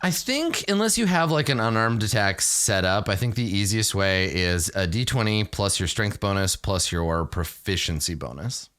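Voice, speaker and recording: Male game master, low voice, animated narration of a tabletop game. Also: normal speed, few pauses. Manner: animated storytelling, voicing characters.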